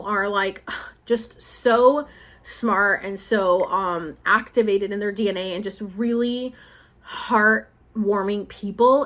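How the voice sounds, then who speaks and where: A woman's voice: mid-range voice, a bit bright. A woman in her thirties vlogging in a casual, confessional way, rambling emotionally and saying "like" often. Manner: rambling and emotional, heavy use of "like". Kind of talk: casual confessional vlog talk.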